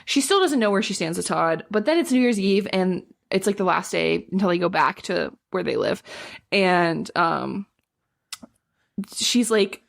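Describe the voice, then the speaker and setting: A woman's voice: on the low side, expressive, unhurried, creaky. A young adult woman co-hosting a podcast, recapping a book's plot in casual chat, full of "like" and acting out characters' lines. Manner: chatty, fills with "like", acts out characters' lines. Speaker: podcast co-host.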